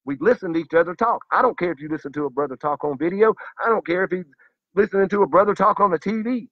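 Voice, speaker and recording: A vlogger talks fast to camera in a high voice, giving his viewers an impassioned monologue that's profane and preachy. There's no room sound, and the audio comes across dull.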